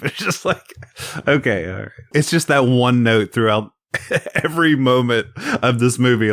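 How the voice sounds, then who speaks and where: A man's voice: mid-range voice, unhurried, fairly bright tone, no echo, studio quality. A man co-hosting a film podcast, joking and laughing a lot in casual chat. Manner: joking, laughs a lot, mock-gravelly impressions. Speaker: podcast co-host.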